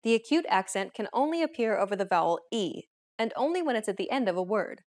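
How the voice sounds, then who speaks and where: A woman reads a scripted language lesson as its host. Her voice sits at an ordinary middle pitch, and she explains each point in a clear, measured way. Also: lively intonation, a little mellow.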